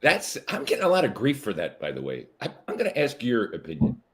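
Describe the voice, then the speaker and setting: A middle-aged man, a comedian guest, chatting casually in an interview, often halting with fillers and restarts. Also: medium pitch, wildly swooping pitch, a crowd in the background.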